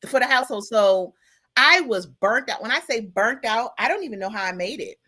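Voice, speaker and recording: A woman hosting a casual chat show, telling her story in an animated way and calling out to her listeners. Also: fairly high pitch, fairly quick. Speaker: podcast host.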